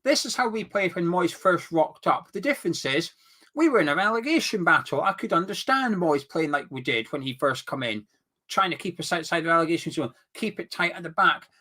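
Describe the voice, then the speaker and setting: A young man hosts a football fan chat, plainly worked up and exasperated. His voice is bright and sits a little high, and it swings widely as he rants. He turns sarcastic now and then. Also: animated, a little fast. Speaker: fan channel host. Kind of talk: heated football fan commentary.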